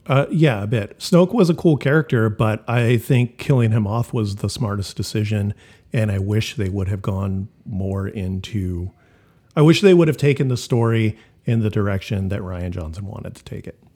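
A man's voice: fairly low pitch, moderate pace, dark tone, slightly rough. A man chatting casually about movies on a podcast, blunt and profane, with a mocking edge. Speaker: podcast co-host. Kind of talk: casual chat.

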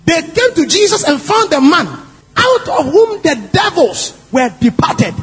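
A man preaching a sermon in an emphatic, animated way, often asking the congregation questions. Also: extremely high pitch, unhurried. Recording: long hall reverb, faint music.

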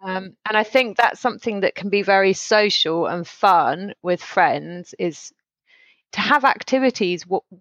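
A woman's voice: medium pitch, lively intonation, a little slow, a bit bright, no echo. Chatty woman, muffled sound. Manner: chatty, rambling, laughs often. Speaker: podcast co-host. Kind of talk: casual chat.

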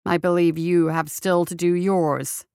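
A woman reading a storybook voicing a smug, fleshy male aristocrat in a lower, quieter, oily voice. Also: little pitch movement, a little slow, vocal fry, clean tone, dry recording, studio quality.

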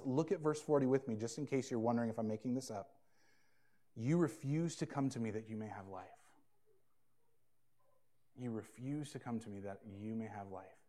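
Earnest preaching man, swinging loud and soft. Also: a little high. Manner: earnest, emphatic preaching with wide swings in loudness. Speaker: pastor. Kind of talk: sermon.

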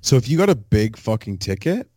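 A male podcast co-host with a very deep voice talks in a laid-back, profane way. The sound is dry and close to the mic, with no room behind him. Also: very animated, a little fast, a little mellow, no echo. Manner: profane, laid-back banter with sports betting picks. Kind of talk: casual chat.

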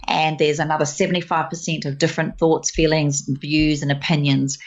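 A woman tells personal stories as a guest, animated and expressive. Her voice sits low for a woman. The recording is slightly dull and lo-fi. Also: a little fast. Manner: animated, expressive storyteller who slips into voices. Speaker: guest speaker. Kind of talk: casual conversational storytelling.

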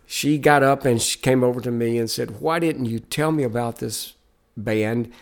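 A man's voice: medium pitch, moderate pace, vocal fry. A man, a Christian musician, telling stories in a podcast interview with an earnest, emphatic, preacher-like cadence.

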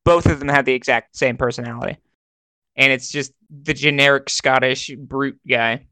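Man, smooth and bright voice, measured and thoughtful, dry close sound. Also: mid-range voice, fairly even intonation, dry recording. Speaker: podcast co-host. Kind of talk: casual chat.

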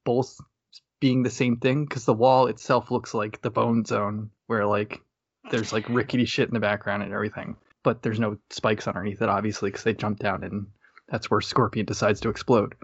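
A man's voice: lowish voice, little pitch movement, moderate pace, slightly rough, no room sound. A man co-hosting a podcast, chatting casually about a movie and explaining video game details with a laugh. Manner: knowledgeable game fan, laughs. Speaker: podcast co-host. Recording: dry lo-fi audio.

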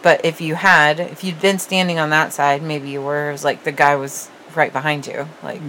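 A woman's voice: deep voice, fairly even intonation, normal speed, fairly bright tone, a little hiss or hum, poor audio. A woman in casual, frank conversation, chatting openly, laughing often and trailing off mid-sentence. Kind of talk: casual candid chat.

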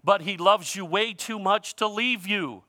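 A male pastor preaching a sermon in a conversational way, using informal grammar, his voice shifting from loud emphasis to quiet. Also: high-pitched, measured pace, dry recording, studio quality.

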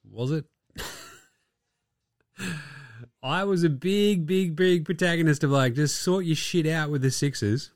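A man's voice: on the high side, a little slow, long pauses, dry recording, studio quality. A man hosting a podcast, ranting about basketball with profanity and sarcasm. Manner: profane, sarcastic, with mocking put-on quotes. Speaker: podcast host. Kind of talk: ranting sports commentary.

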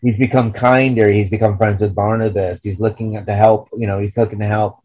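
A man with a fairly low voice talks in a loose, casual podcast discussion. He circles around his points, restarting sentences and leaning on "you know" as he thinks aloud. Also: little pitch movement, fairly quick, darkish tone, rough recording. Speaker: podcast co-host.

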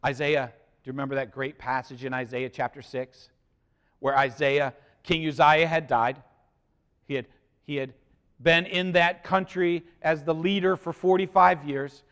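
A male pastor with a slightly high, smooth voice preaches a sermon, shifting from loud emphasis to hushed lines and asking the congregation questions. His tone is steady and his pace a little slow.

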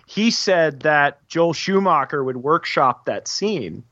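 A man co-hosting a casual film discussion, explaining in a halting way with many fillers. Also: fairly high pitch, expressive, a bit bright, dry recording. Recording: dull lo-fi dry sound.

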